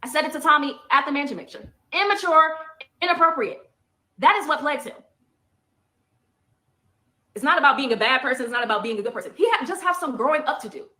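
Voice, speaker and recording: Bright, forceful woman venting. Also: high-pitched, expressive, fast, pauses often. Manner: emphatic, repeats points for effect. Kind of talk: heated monologue.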